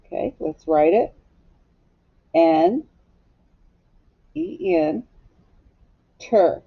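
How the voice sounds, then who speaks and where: A woman's voice: lowish voice, big pitch swings, extremely slow, pauses often, breathy edge. A woman teaching a phonics lesson to young children, patiently asking them to repeat words after her. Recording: slightly dull lo-fi recording.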